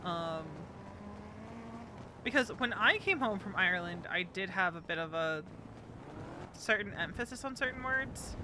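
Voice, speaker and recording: A woman from New Jersey streams a game, chatting casually and rambling with frequent ums, while game ambience and vehicle sounds play behind her. Her medium-pitched voice is expressive and a little slow, with frequent pauses.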